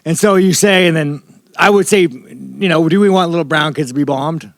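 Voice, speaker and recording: Brisk and gravelly, with a fairly bright tone on the high side, an American professional fighter answers a press scrum at media day. He's blunt, profane and rambling, and the studio-quality recording has no echo.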